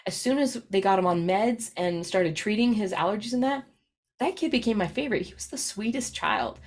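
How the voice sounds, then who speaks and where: A woman's voice: medium pitch, expressive, brisk. Chatty woman presenter telling stories. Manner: chatty, storytelling, frequent "right?" tag questions. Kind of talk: recorded professional presentation.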